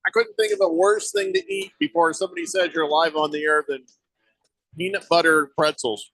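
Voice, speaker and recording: A man hosting a sports talk show in a studio, joking with his co-hosts and reading texts from listeners. His voice is bright and forward, and the mic sound is close and dry, with no room around it. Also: a little high, steady tone, fairly quick, dry recording. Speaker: sports radio host. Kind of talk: casual on-air banter. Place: radio studio. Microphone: studio microphone.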